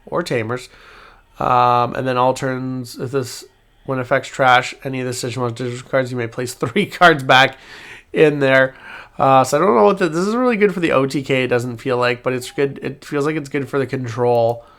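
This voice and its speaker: A man's voice: medium pitch, fairly even intonation, moderate pace, a bit bright. A man hosting a card game channel, reading card text aloud with fillers and self-corrections in a casual review.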